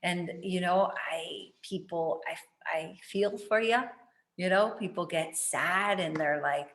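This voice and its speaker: A woman's voice: on the low side, takes it slowly, a bit bright, echoey room. A woman hosting a casual spiritual chat, rambling and chatty, with lots of fillers and casual swearing. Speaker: spiritual talk host.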